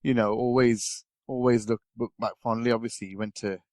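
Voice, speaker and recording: A man's voice: mid-range voice, steady tone, brisk, a little mellow, no room sound. A man chatting casually as a podcast pundit, rambling with lots of fillers and restarts. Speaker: guest pundit.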